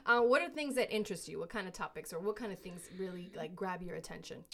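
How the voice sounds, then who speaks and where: A woman from New York hosts a relaxed podcast chat, her voice bright and forward. She asks quick, short questions and laughs easily between them. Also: on the low side. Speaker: podcast co-host.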